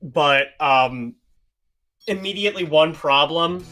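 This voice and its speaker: A stream host chatting casually, animated and joking, often tripping over words. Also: mid-range voice, slow, faint music behind.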